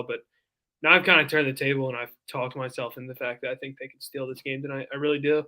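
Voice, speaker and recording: A man co-hosting a casual sports talk show, laid-back and quick to laugh. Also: mid-range voice, steady tone, pushed and bright. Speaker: podcast co-host.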